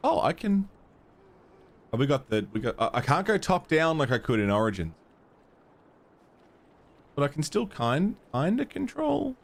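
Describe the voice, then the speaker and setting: A man's voice: fairly high pitch, big pitch swings, measured pace, creaky, long pauses. A man chatting casually on a gaming livestream, swearing freely and laughing at his own stories. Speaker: streamer. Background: background music.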